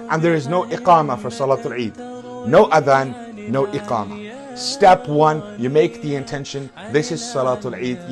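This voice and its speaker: A man teaching step by step how to pray a prayer at home, calling out the takbirs loud and drawn out. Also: on the high side. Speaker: religious teacher. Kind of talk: instructional talk.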